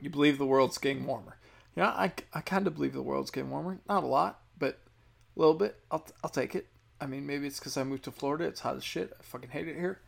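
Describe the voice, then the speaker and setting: A man's voice: fairly high pitch, quick pace, vocal fry. A young man ranting bluntly and sarcastically, swearing often in casual talk. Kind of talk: casual political rant.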